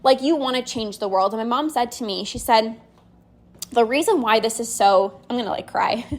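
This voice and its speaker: Tearful high-voiced woman podcast host. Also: moderate pace. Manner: tearful, earnest, many fillers like "like" and "you know". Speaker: podcast host and binge eating coach. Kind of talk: emotional personal podcast monologue. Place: outdoors on a walk.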